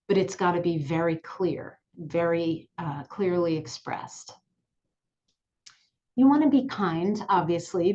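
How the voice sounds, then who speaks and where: A woman sexuality educator speaking calmly and clearly to the camera, repeating her key points. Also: fairly low pitch, dull audio. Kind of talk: direct-to-camera lesson. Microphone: looking into camera, on-camera mic.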